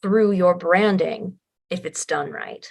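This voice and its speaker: A woman's voice: fairly low pitch, fairly even intonation, takes it slowly, vocal fry. A woman who is a writer and a guest on an interview podcast, explaining her points earnestly and with emphasis. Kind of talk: casual interview chat.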